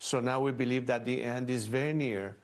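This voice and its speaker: A man being interviewed on television news, speaking in a measured, formal way. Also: mid-range voice, fairly even intonation. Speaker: exiled political figure interviewed on TV.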